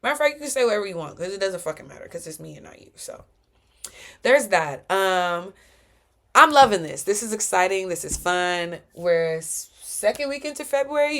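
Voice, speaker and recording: A woman's voice: mid-range voice, a bit bright. A woman hosting her own podcast, speaking in a heartfelt, preachy solo reflection full of slang. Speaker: podcast host.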